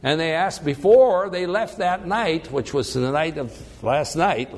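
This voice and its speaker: A man teaching a Bible passage in a conversational sermon, acting out the people's complaints with lively emphasis. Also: fairly high pitch, measured pace, in a large hall. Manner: animated, acts out the people's complaints. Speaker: preacher.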